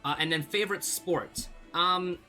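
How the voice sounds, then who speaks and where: A man's voice: high-pitched, a little slow, bright, forceful tone, soft background music. A young man from Canada answering viewer questions in a casual vlog, rambling with lots of fillers and small laughs. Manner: rambling, hesitant, many fillers, laughs easily.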